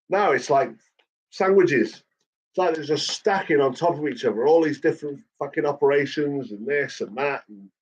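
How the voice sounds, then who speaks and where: A man rants through a casual catch-up, cursing in nearly every line. His voice sits at an ordinary middle pitch. The recording sounds dull and lo-fi. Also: a little mellow, slightly rough. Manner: swears constantly, ranting. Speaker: channel host. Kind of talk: casual chat.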